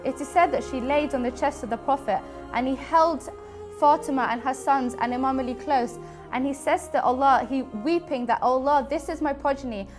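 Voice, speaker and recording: High-voiced woman narrating gently. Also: moderate pace. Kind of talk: documentary storytelling. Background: faint background music.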